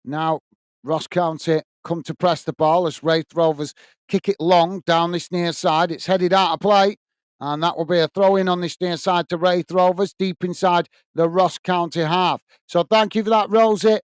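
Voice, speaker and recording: Hosting a live football watch-along, a UK man calls the play and chattily thanks viewers by name while reading the chat. His voice sits high and smooth with fairly even intonation and a moderate pace, in a dry recording.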